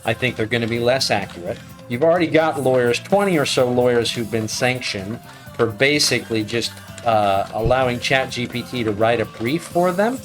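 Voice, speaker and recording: A man's voice: mid-range voice, animated, normal speed. Middle-aged guy, law prof, frank and a bit wry, chatting casually, faint game music under him. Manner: frank, wry, self-correcting. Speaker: law professor guest. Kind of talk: casual conversational interview.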